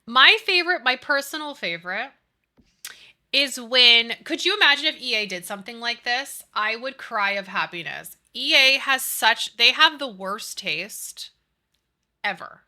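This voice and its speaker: A woman's voice: on the high side, lively intonation, measured pace, pushed and bright. A woman streaming, chatting casually with her chat and ranting with lots of swearing. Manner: chatty, profane, ranting, reads chat aloud. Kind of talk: casual live-stream chat while building.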